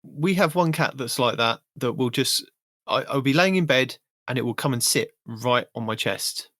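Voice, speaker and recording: A man's voice: medium pitch, moderate pace, bright, forceful tone, no echo, studio quality. A man co-hosting a podcast in casual chat, giving short replies and acting out home scenes. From England. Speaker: podcast co-host.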